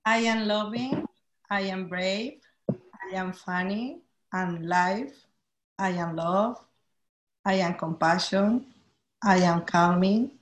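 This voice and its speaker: A woman on a video call gently reading a list of affirmations about herself. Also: medium pitch, slow, pauses often, reverberant, a little hiss or hum. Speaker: group participant.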